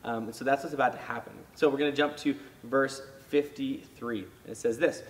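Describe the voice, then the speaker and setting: A man's voice: medium pitch, fairly quick, hardly any pauses, in a large hall, far from the mic, low-quality recording. A man giving a casual youth sermon, talking it through conversationally with fillers and restarts. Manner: animated when acting out reactions. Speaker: youth pastor.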